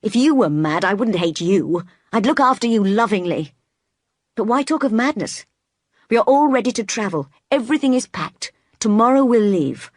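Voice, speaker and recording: A woman reading the lines of a passionate, brooding gentleman, master of a manor, in an audiobook, with pleading and sometimes forceful delivery. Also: on the high side, animated, normal speed, no room sound, studio quality, pitched above the performer's own voice. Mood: urgent.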